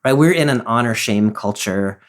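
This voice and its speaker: A man's voice: medium pitch, lively intonation, moderate pace. Enthusiastic man explaining scripture. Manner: enthusiastic, explanatory, many fillers. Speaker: podcast co-host and teacher. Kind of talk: casual discussion of a Bible passage.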